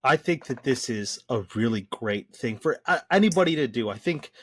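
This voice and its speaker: A man in a casual podcast discussion, explaining things in a lively, slangy way with frequent restarts. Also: mid-range voice, normal speed, slightly rough. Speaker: podcast co-host discussing the Bible.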